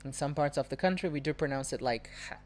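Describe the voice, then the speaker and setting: Her voice low, darkish, and quick, a Brazilian Portuguese-accented woman runs a live-streamed language lesson via phone or webcam. She explains patiently and repeats example words.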